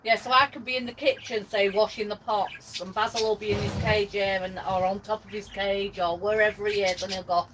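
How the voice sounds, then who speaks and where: A woman's voice: medium pitch, fairly even intonation, fairly quick, hardly any pauses, distant mic. Woman, chatty livestream co-host, reads comments, giggly, heavy noise behind. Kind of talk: casual live chat reading comments. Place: narrowboat workshop. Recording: loud background noise.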